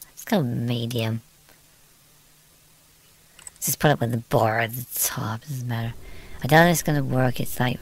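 A British woman with a rumbling low, creaky voice streams a game. She talks casually, exclaims, and murmurs to herself throughout the gameplay.

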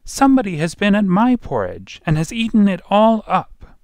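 Little Bear: a tiny shrill bear cub. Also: male voice, wildly swooping pitch, normal speed, no echo, exaggerated voice. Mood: indignant. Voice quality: sharp and shrill. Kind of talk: storybook reading.

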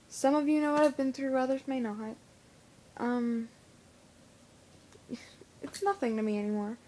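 A teenage girl with a lisp, talking to camera in a casual vlog, halting and full of fillers. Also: a little high, darkish tone. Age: teens. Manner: hesitant, halting with many fillers. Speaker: vlogger. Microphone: phone camera.

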